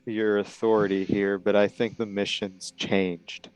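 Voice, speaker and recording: A man playing a tabletop role-playing game, speaking in a deliberate, halting way. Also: lowish voice, little pitch movement, clear, resonant tone, no room sound, poor audio. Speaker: player.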